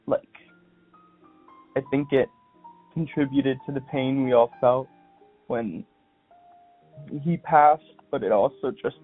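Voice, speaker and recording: A young man, a podcast guest, speaking in a soft, halting, heartfelt way as he reads aloud and chats. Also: mid-range voice. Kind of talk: reading aloud and casual phone chat. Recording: tinny phone line with faint music.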